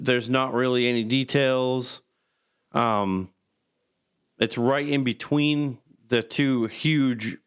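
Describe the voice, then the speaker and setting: A man co-hosting a podcast in quick, animated casual chat, often tripping over repeated words. His voice is smooth and resonant at a middling pitch. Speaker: podcast co-host.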